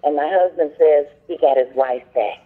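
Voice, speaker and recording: A woman on a conference call, telling at length how her health came back, in a talkative, animated way with many fillers. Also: sits low, normal speed. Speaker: caller sharing a testimony. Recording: phone line.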